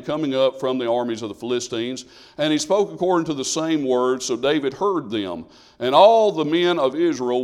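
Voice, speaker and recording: A man preaching a sermon in a conversational way, asking the congregation questions. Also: on the high side. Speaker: pastor.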